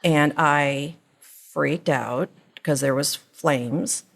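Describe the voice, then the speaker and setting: Low-voiced woman telling a story. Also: very slow, vocal fry. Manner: rambling, animated retelling with laughs. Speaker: podcast co-host, mother. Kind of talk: casual storytelling chat.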